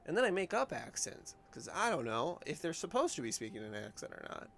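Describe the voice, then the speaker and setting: A man's voice: fairly high pitch, big pitch swings, fast talker, vocal fry, a bit bright, a little hiss or hum. Rambling, casual male game streamer. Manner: rambling, filler-heavy, self-deprecating. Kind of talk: casual gameplay commentary. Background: game music.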